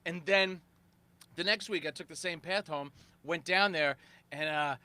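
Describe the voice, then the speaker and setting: A man's voice: on the high side, unhurried. A man telling a wild story in casual chat, swearing and acting out other people's lines. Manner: animated, profane, acts out other people's lines. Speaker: guest.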